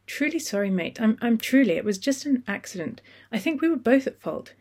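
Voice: medium pitch, sing-song, brisk, a little mellow, pitched above the performer's own voice. Reader doing a nervous sorry guy, pleading, slightly raised voice. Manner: pleading, then resigned. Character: anxious apologetic man in trouble.

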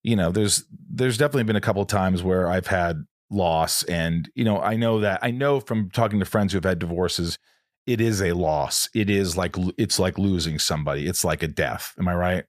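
Low-voiced man hosting a chat. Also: moderate pace, dry recording, studio quality. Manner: earnest, rambling, many restarts. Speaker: podcast host. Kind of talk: casual interview chat.

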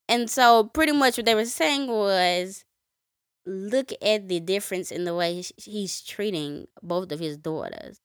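A woman with a mid-range voice talks through stories on a podcast, keeping it conversational with fillers and quick asides. The sound is dry and close, with no room echo. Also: mid-range voice, fairly bright tone, smooth. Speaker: podcast co-host. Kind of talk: casual storytelling chat.

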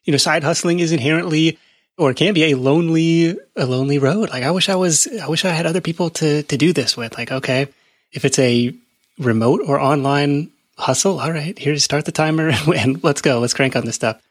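A man's voice: fairly high pitch, fairly quick, dry recording, studio quality. A man hosting a podcast interview, chatting casually and reacting with encouragement. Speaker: podcast host. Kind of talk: conversational interview.

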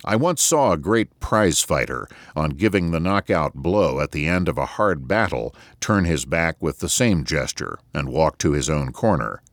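A man's voice: very deep voice, expressive, normal speed, hardly any pauses, no echo, clean studio sound. A man voicing a blunt, commanding financier who gives curt, matter-of-fact orders. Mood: calm, decisive.

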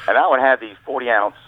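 Speaking by telephone as a guest, an author and ex-caddy tells meandering, down-home stories and keeps restarting his sentences. His mid-range voice has a sharp tone, carried over a tinny, dry line with no echo.

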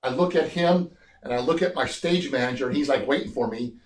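A man's voice: medium pitch, brisk, roomy sound, poor audio. A man in his sixties, a former bodybuilder guest, telling stories in a casual interview and acting out the voices of people he quotes. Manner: animated storyteller, acts out quoted voices.

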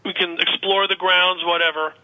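A man's voice: high voice, little pitch movement, moderate pace, bright, forceful tone, lo-fi sound. A man guesting on a radio talk show, describing his tours in a rambling, upbeat way with many restarts. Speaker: guest, paranormal tour organizer. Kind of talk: casual radio interview.

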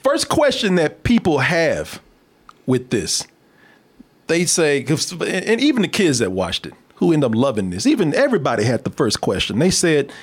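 Animated, high-voiced man hosting a comedic film review. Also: normal speed, husky. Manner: animated, laughs often, swears freely. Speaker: podcast host reviewing a film. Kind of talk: casual comedic review chat.

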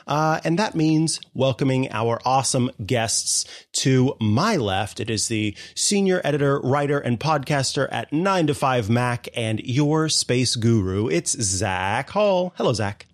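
A man hosts a casual tech podcast at an unhurried pace, with a voice that swoops up and down. He keeps it playful and laughs easily, and the sound is dry and close, with no room around it. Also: medium pitch, no echo. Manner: playful, laughs often, slow and lively delivery. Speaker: podcast host.

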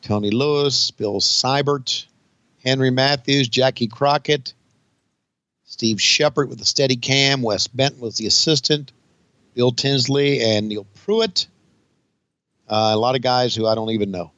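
A man's voice: mid-range voice, a little slow, a bit bright, dry recording, muffled recording. An older man co-hosting a podcast, wry and profane, sighing between remarks. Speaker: podcast co-host, former commentator. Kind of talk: casual podcast banter over archive footage.

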